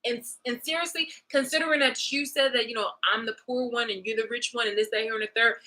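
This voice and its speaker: Bright-voiced woman ranting on camera. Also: fairly high pitch, steady tone, fast talker, rough recording. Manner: heated and profane, repeats and restarts phrases. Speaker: vlogger. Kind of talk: casual monologue rant.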